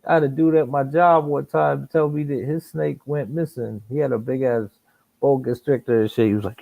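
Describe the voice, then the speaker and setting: A man speaks in on a casual live stream. His voice is gravelly and dark. He swears freely and laughs at his own stories, and the sound is dry with no room echo. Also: medium pitch, fairly even intonation, a little fast, dull audio. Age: adult. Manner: profane, laughing storyteller.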